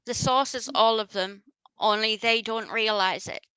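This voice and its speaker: Bright, emphatic woman on a call. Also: on the high side, fairly even intonation, measured pace, clear, resonant tone, no room sound, rough recording. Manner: agreeing, emphatic. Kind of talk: casual chat. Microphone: video call.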